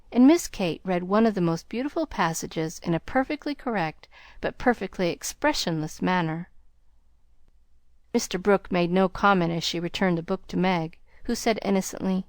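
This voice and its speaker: A woman reading a classic novel aloud as an audiobook, in a calm, measured narrating voice. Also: on the low side, no echo, clean studio sound. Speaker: audiobook reader.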